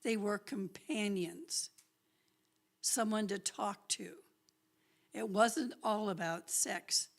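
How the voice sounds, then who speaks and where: Slow-talking storytelling woman. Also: mid-range voice, gravelly. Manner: chatty, laughs often. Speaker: guest speaker. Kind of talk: storytelling in a church talk.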